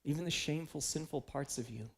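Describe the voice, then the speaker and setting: A man's voice: on the high side, fast talker, a bit bright. A man preaching a conversational sermon, confessional and storytelling, acting out his own inner voice. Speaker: pastor. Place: church sanctuary.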